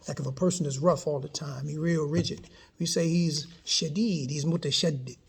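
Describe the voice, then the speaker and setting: A man's voice: on the high side, steady tone, moderate pace, creaky, husky. A man giving a casual spoken lesson, explaining patiently and checking in with his listeners as he goes. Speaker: teacher.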